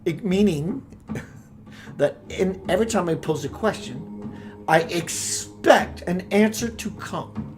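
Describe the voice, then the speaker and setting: A man's voice: high-pitched, lively intonation, slow pace, faint music behind. A man giving a meandering spiritual talk, musing aloud and searching for words as he goes. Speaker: spiritual teacher.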